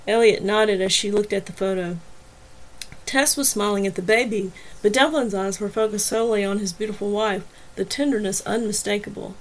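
A woman reads a novel chapter aloud in even, measured storytelling. Her pitch sits in the middle range for a woman. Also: poor audio. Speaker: audiobook narrator and podcast host. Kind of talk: scripted novel reading.

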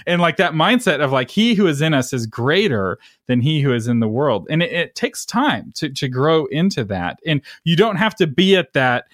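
Lively-voiced man explaining, dry sound. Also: a little high, normal speed, hardly any pauses, no echo. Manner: explanatory, preacher-like, checks in with "right?". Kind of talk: casual faith conversation.

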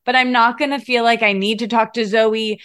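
A woman's voice: fairly high pitch, steady tone, a little fast, a bit bright, clean tone, no echo, studio quality. A woman talking as a podcast guest in casual conversation, rambling and emotional, with lots of filler words.

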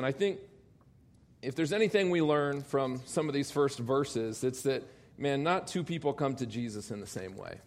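A man's voice: fairly high pitch, gravelly. A male pastor preaching a sermon, telling a story with quoted dialogue and bursts of laughter.

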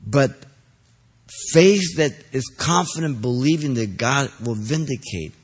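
A man preaching an expository sermon, stressing key phrases loudly and then dropping low, pausing to ask listeners if they are following. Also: lively intonation, slightly rough. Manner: asks the congregation checking questions.

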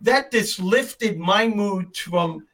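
Older guy hosting, kinda higher voice, tells stories with lots of feeling. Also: very slow, a loud crowd, rough recording. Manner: storytelling, emphatic. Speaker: host. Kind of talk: casual chat.

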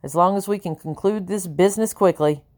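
Woman putting on a pompous colonial gentleman, gruff, dismissive, low. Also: brisk, close to an everyday voice. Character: portly, pompous colonial gentleman, middle-aged man.

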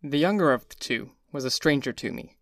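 A man giving a measured, even first-person reading of a classic novel. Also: mid-range voice, vocal fry, no room sound, clean studio sound. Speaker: audiobook narrator. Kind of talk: scripted first-person narration.

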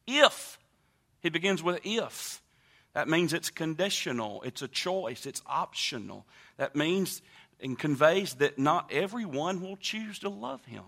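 A male pastor preaching a sermon, emphatic, repeating phrases and swinging between loud and quiet. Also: fairly high pitch, expressive, a little slow. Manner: emphatic preaching with repetitions and wide swings in loudness.

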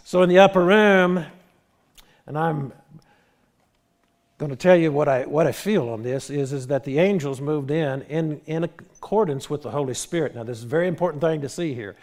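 A man preaching a sermon as pastor, animated, retelling scenes with quoted dialogue and frequent restarts. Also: a little high, moderate pace.

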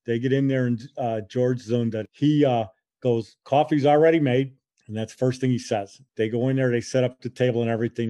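A man in his sixties hosts a casual podcast monologue, chatty and rambling in a homespun way. His voice is mellow and warm, set at an ordinary middle pitch. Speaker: podcast host.

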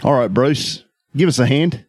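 A man's voice: mid-range voice, normal speed, darkish tone, dry recording, pitched above the performer's own voice, close to an everyday voice. A man voicing a small male doll-like robot with a put-on Australian accent, playful and laughing, in a dry close recording. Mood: jovial.

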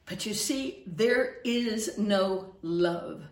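A middle-aged woman pastor preaching fervently, swinging from loud scolding to hushed earnestness. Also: medium pitch, extremely slow, reverberant. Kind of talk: preaching to camera.

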